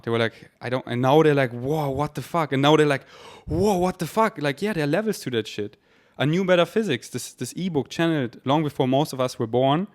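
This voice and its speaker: A man hosting a podcast, speaking in a rambling spiritual monologue with repeated words and casual swearing; German is his first language. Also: on the high side. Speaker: podcast host.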